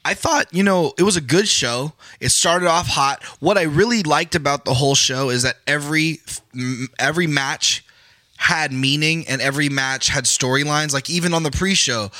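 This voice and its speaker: A man with a bright, forward voice sounds tired as he rambles through casual podcast talk. The sound is close and dry. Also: fairly high pitch, normal speed, no echo. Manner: rambling, filler-heavy talk. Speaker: podcast co-host.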